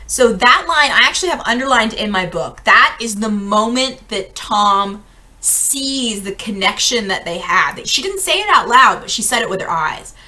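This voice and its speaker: A young adult woman leading a casual book-club lesson, chatty and animated, acting out quotes. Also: fairly high pitch, moderate pace.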